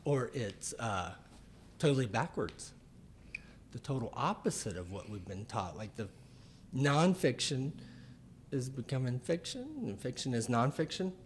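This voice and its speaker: A man in a casual podcast chat who explains things slowly and deliberately. He often pauses to find his words, and his voice sits at a middle pitch. A faint hiss runs underneath. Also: expressive. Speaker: chiropractor and author.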